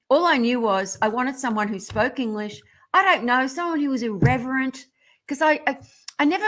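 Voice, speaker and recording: A middle-aged woman telling stories as a radio interview guest, animated and irreverent, often breaking into laughter. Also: mid-range voice.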